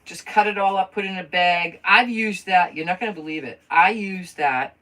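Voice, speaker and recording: A woman's voice: lowish voice, moderate pace, sharp tone, distant mic, poor audio. A woman chatting casually on a live crafting stream, thinking aloud as she works and greeting viewers by name.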